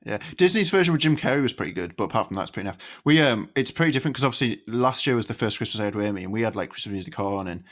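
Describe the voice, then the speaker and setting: A man from England co-hosting a casual chat podcast, telling lively stories and acting out the voices. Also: on the low side, very fast, few pauses. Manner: animated storyteller, acts out voices. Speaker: podcast co-host.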